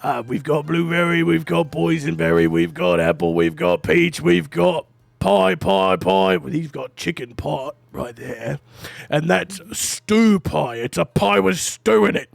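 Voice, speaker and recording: A man's voice: fairly high pitch, gravelly, no echo, soft background music. A man voicing a brawny, bold half-orc woman. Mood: bold hearty. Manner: loud, drawn-out, teasing.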